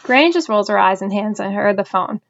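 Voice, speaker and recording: A woman reading a novel aloud in an even storytelling manner. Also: medium pitch, normal speed, gravelly, muffled recording, a little hiss or hum. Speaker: audiobook reader.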